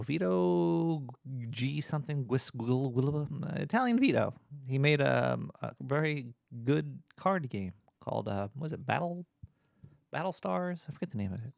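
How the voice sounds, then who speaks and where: A man hosting his own show in casual, rambling talk, laid-back and halting with many fillers. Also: mid-range voice, gravelly, no echo, clean studio sound. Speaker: podcast host.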